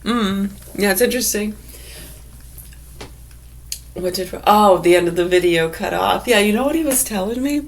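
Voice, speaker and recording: A woman's voice: medium pitch, normal speed, pauses often. A woman in a casual vlog who reads definitions aloud and riffs on them sarcastically, swearing freely. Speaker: vlogger. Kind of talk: casual musing monologue.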